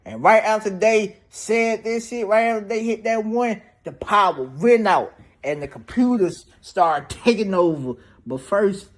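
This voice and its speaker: A man's voice: sits high, a little slow, hardly any pauses. A man casually recapping a movie's plot in a loose, profane, slang-heavy way, peppered with "damn, bro". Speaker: movie reviewer.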